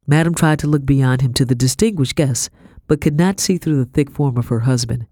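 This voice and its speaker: A woman narrating a historical novel in first person, in a measured storytelling manner. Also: a bass voice, dark tone, dry recording, clean studio sound. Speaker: audiobook narrator.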